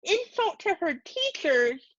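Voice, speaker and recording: A fiery, defiant little mother, as the woman reading puts her on, raising her pitch high with indignant emphasis. The recording sounds dull and dry. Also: big pitch swings, slow pace, no echo, full character voice. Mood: outraged. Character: proud, fiery immigrant mother, small but defiant.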